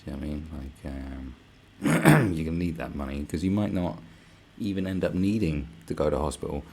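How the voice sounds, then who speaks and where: A man's voice: extremely low pitch, fairly quick, darkish tone, husky. A young man ranting casually to camera, sarcastic and rambling, swearing often. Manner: swearing, rambling and sarcastic, slips into mock voices. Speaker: vlogger.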